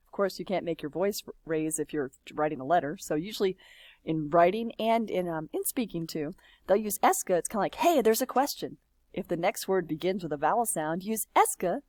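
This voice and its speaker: Lively woman teaching over slides. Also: lowish voice, no echo. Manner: lively, sing-song when modelling French, drops to near-whisper asides. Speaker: French teacher. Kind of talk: recorded slideshow lesson.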